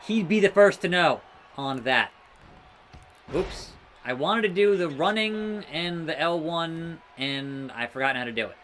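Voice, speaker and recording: A man doing excitable let's-play commentary over a wrestling video game, talking trash to his opponents. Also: fairly high pitch, slight background noise. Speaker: gaming YouTuber.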